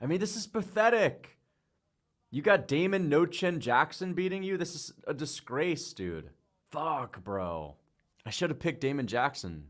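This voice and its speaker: A young man streaming live, calling fight picks with hyped, shouting bursts, swearing and playful trash talk. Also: on the high side, big pitch swings, a little slow. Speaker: livestreamer making fight picks. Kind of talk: excited livestream reaction commentary.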